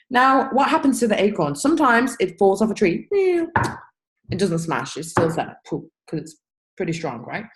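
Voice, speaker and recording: Young woman, team leader on a video call, energetic and blunt, swears, loud bursts. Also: a little high, rough recording. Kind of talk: motivational rant to a team.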